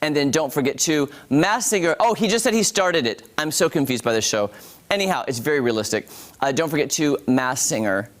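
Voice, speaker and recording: A chatty man reviews shows for a morning program, his pitch bouncing up and down as he talks. His voice sits a bit high and stays lively, addressing the audience directly. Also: fairly quick. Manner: chatty, animated, addresses viewers as guys. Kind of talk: casual TV review.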